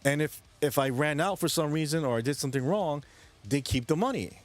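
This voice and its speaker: A man's voice: fairly high pitch, brisk, faint music behind. A man hosting a late-night stream, chatting loosely with viewers, rambling and swearing often, who says he came from New York. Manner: profane, rambling, restarts sentences. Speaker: livestream host. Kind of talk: casual rambling chat with viewers.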